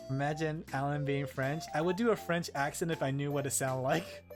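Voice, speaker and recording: Australian woman, streamer, lowish voice, playful and giggly, music behind. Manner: playful and giggly, joking dramatically with chat. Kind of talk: casual stream chat with viewers.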